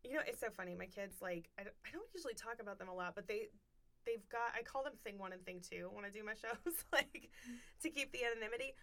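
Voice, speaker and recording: A woman's voice: medium pitch, expressive, quick pace, a bit bright. A woman from North Carolina, co-hosting a podcast, chatting in a bubbly, joking way. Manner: bubbly, joking, laughs often. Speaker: co-host and actress. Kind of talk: casual chat.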